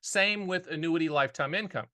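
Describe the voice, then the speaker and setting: A middle-aged man who hosts a casual, straight-talking show about annuities, talking in an energetic, folksy way and repeating his key phrases. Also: fairly high pitch, fairly quick. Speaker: annuity agent and show host. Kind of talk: casual straight-talk explainer.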